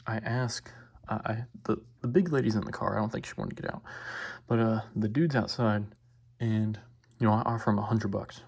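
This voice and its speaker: Collector vlogger, male, low and husky, laid-back storyteller. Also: a little mellow. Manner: rambling, laid-back, self-correcting. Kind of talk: casual storytelling.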